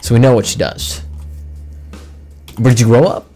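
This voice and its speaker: A man's voice: medium pitch, fairly even intonation, normal speed, long pauses, dark tone, soft background music. A man giving sarcastic gameplay commentary, reading the game's text aloud and bantering with the characters in mock offense. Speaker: gaming video host.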